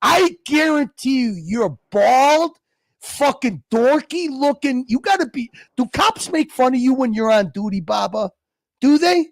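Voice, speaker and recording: High, gravelly man ranting on a stream. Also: animated, unhurried, dry recording, studio quality. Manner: profane, mocking, heated rant. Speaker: livestream host. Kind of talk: ranting livestream chat.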